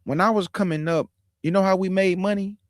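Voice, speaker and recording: Animated man in his forties, dry sound. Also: sits high, no echo. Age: 40s. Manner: animated, folksy, drawn-out emphasis. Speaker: show host. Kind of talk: personal testimony, casual storytelling.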